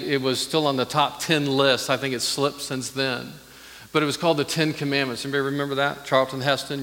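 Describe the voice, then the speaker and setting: Older male preacher in his 60s, high-pitched, earnest sermon delivery, long reverb. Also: bright, forceful tone. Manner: earnest preaching with frequent repeated words. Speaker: pastor. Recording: long reverb of a large hall.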